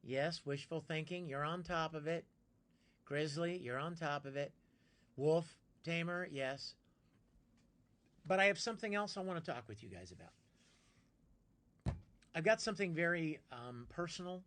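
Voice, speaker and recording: Bright-voiced man chatting on a live stream. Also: fairly high pitch, expressive, a little slow, long pauses. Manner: chatty, greets viewers by name, plugs his projects. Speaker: live streamer reading chat. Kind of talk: casual live-stream chat.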